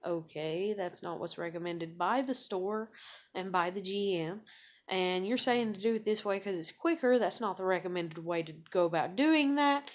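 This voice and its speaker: A woman's voice: medium pitch, moderate pace. A young adult woman venting in a rambling, profane monologue, full of "like" and "you know", sarcastic and self-mocking. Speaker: vlogger.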